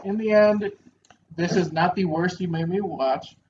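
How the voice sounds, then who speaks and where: High-voiced man making dry remarks. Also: measured pace, darkish tone. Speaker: co-host of a movie review show. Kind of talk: casual movie review chat. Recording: dull lo-fi sound with faint noise.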